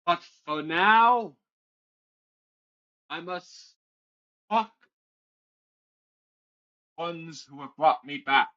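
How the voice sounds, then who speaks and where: A man's voice: a little high, animated, very slow, pauses often, dull audio, pitched above the performer's own voice. A man voicing a furious undead lich lord in a tabletop game. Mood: enraged. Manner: raging, threatening.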